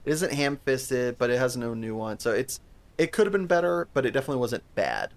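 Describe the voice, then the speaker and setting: A man's voice: medium pitch, animated, a little fast. A man co-hosting a podcast, talking casually about a movie, rambling with restarts and plenty of swearing. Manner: rambling, profane, restarts often. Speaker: podcast co-host. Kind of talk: casual chat.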